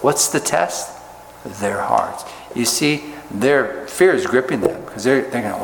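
A man's voice: mid-range voice, lively intonation, unhurried, creaky. Echoey preacher man asking questions. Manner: asks the listeners rhetorical questions; folksy and conversational. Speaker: pastor. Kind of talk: sermon with scripture reading. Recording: echoey hall with faint ambient noise.

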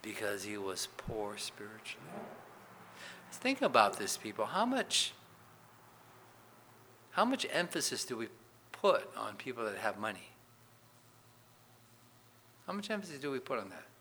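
A man's voice: on the low side, very animated, a little slow, long pauses, slight background noise. A man preaching a sermon as pastor, asking the congregation questions and reading Scripture aloud with rising force. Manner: emphatic preaching, rising loud on questions and Bible quotes.

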